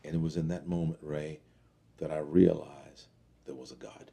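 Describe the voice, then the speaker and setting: Middle-aged man, interview guest; low, raspy, dark timbre, reflective and earnest. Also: steady tone. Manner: earnest, reflective, halting with fillers. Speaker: interview guest telling his life story. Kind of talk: personal testimony interview.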